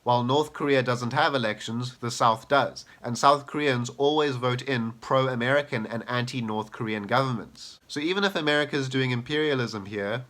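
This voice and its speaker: Man, mid-pitched, pointed rebuttal delivery, sarcastic rhetorical questions, opinion-video host. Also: fairly bright tone. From South Africa. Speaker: political commentator. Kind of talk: argumentative video essay.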